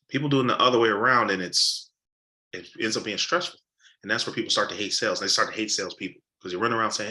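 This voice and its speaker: A man's voice: lowish voice, fast. A man teaching a live sales training session, acting out customer conversations and repeating key points for emphasis. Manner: animated, acts out customer dialogues. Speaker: sales coach. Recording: roomy echo.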